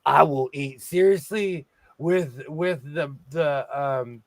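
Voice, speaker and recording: A man's voice: on the high side, slow pace, a loud crowd. A man in his forties from California, hosting a rambling casual chat over a video call. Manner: rambling, chatty storyteller.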